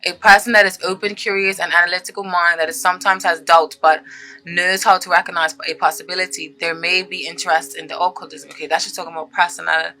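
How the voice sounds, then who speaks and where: Bright-voiced, chatty woman tarot reader. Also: lowish voice, flat delivery, fast talker, low-quality recording. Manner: chatty and earnest, often checks in with "okay?"; reads card meanings aloud, then comments freely. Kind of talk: casual spoken tarot reading to viewers.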